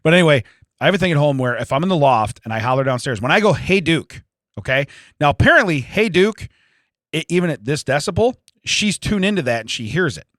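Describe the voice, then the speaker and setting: A man co-hosting a podcast, talking loudly and acting out the lines of people in his stories. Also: on the high side, fast talker, no room sound, studio quality. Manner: loud, animated storyteller who acts out quotes. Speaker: podcast co-host. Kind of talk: casual banter. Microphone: studio microphone.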